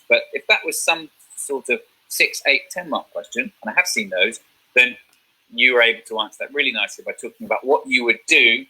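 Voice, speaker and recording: A man's voice: mid-range voice, bright, forceful tone, husky, low-quality recording. A man teaching a drama revision lesson, explaining step by step and checking in with "okay?".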